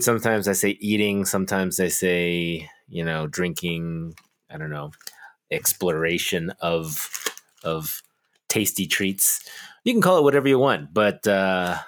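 A man's voice: deep voice, fairly bright tone, slight background noise. A man hosting a podcast segment, talking in a laid-back, meandering way. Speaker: podcast host. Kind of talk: casual podcast talk.

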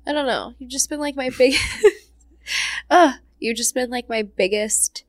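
A woman's voice: sits high, unhurried, no echo, studio quality. A woman hosting a casual podcast chat, emotional and often laughing, swearing casually. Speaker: podcast host.

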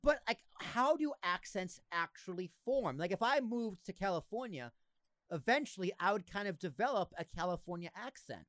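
A young man with a faded Boston accent, hosting a casual podcast chat, animated and quick to laugh and do impressions. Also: high-pitched, no echo, clean studio sound. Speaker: podcast host.

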